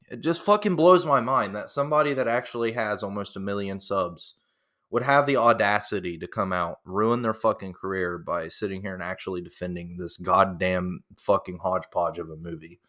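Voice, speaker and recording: A man's voice: deep voice, normal speed, a bit bright. A man delivering an angry, profane reaction rant, repeating himself as he works himself up. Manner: heated, profane and repetitive. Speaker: reaction commentator.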